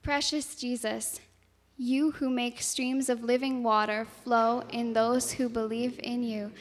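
A woman slowly reading scripture in a measured way, her voice softening on the quoted words. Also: on the high side, little pitch movement. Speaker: scripture reader. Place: church. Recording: long hall reverb.

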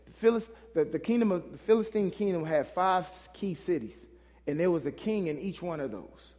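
A man's voice: high voice, lively intonation, moderate pace, dark tone. A male pastor preaching a sermon in a loose, conversational way, often calling out questions to the congregation. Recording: long hall reverb.

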